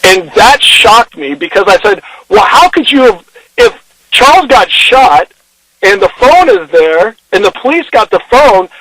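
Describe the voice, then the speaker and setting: A man's voice: sits high, fairly bright tone, no echo. A man on a phone call telling a long story emotionally, rambling and acting out what people said. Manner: rambling, restarts, acts out quoted dialogue. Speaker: interview guest. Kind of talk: emotional first-person retelling.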